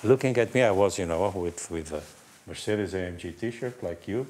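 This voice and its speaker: Middle-aged guy spinning a story, lowish voice, does little voices for the people he quotes, laughs a lot. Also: normal speed, a little hiss or hum. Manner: lively anecdote-telling, acting out quotes, laughing often. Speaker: team manager. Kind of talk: casual storytelling on a panel.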